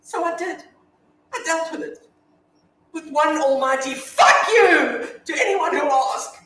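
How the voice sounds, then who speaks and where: An actress playing a grieving, foul-mouthed widow in a staged reading, telling her story from hushed to shouting. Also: high voice, slow, a little hiss or hum. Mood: defiant. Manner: confessional monologue, swinging from hushed to shouting. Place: theatre stage. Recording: echoey hall from far off.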